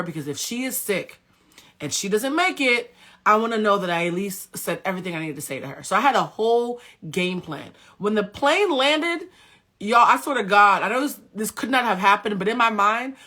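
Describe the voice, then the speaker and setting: A woman telling a story on a livestream in a casual, animated and dramatic way, swearing freely. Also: mid-range voice.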